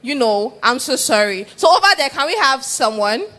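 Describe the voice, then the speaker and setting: An event host with a high-sitting voice and moderate pace works the audience playfully. Energetic, they keep prompting the crowd to respond.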